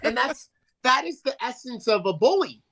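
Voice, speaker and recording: A man's voice: very high-pitched, normal speed, gravelly. A man co-hosting a wrestling podcast, telling stories in casual, profane banter. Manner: profane, animated storyteller.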